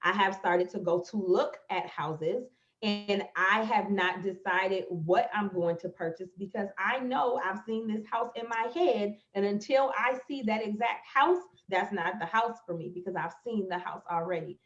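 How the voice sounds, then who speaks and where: A woman's voice: mid-range voice, moderate pace. Woman telling a story, echoey and dull. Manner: emotional, storytelling, speaks to viewers as "y'all". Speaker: motivational speaker. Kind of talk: livestream talk on manifestation. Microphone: phone or webcam live stream. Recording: echoey, slightly dull live-stream audio.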